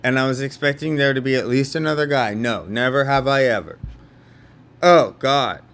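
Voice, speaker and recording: A man's voice: medium pitch, moderate pace, vocal fry, fairly bright tone. Rambling young man from California. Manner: rambling, with many fillers and restarts. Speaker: vlogger. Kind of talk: casual storytelling monologue.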